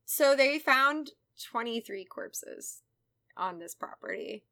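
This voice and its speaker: A woman with a bright, lifted voice tells a true crime story to a friend. She talks casually, swears freely and slips into quick voices for the people in the story. Her pitch sits a little high. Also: animated, gravelly, no room sound, clean studio sound. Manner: casual, profane, acts out quotes. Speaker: podcast host telling a true crime story.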